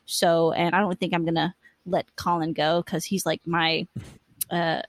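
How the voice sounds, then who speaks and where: A woman's voice: lowish voice, level tone, unhurried, no echo. A woman co-hosting a podcast who chats casually, swearing and laughing. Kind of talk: casual chat.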